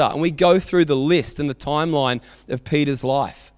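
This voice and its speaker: Animated Australian preacher in a church hall. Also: male voice, fairly high pitch, moderate pace, smooth, studio quality. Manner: animated storytelling, acting out quotes. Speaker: pastor. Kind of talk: sermon.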